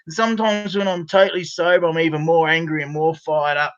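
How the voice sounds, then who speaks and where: Australian guy, high voice, rowdy and profane, dull lo-fi call audio; show regular on a video call. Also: little pitch movement, fairly quick. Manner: loud, rowdy, swears freely. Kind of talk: casual video call chat. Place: bedroom at home.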